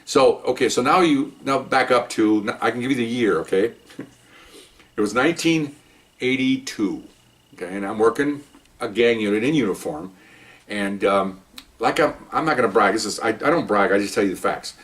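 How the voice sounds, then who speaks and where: A man's voice: mid-range voice, moderate pace, a bit bright, distant mic. An older man, a retired police officer, telling stories casually, chatty and joking, with frequent "okay?" asides. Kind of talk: casual first-person storytelling.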